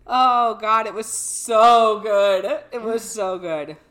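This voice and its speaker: A woman's voice: mid-range voice, takes it slowly. A woman co-hosting a podcast in casual chat, telling stories with frequent laughter and casual swearing. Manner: laughs often, swears casually, animated storytelling. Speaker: podcast co-host. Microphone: studio microphone.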